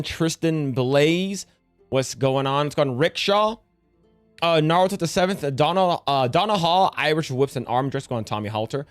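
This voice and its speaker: A man's voice: fairly high pitch, fairly bright tone. A young man chatting casually on a livestream, rambling and swearing a lot as he greets viewers by name.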